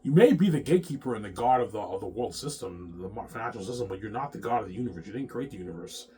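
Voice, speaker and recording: A man's voice: on the low side, lively intonation, rapid-fire, dark tone. A man rambling in an agitated monologue to the camera, swearing often and repeating his words. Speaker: vlogger.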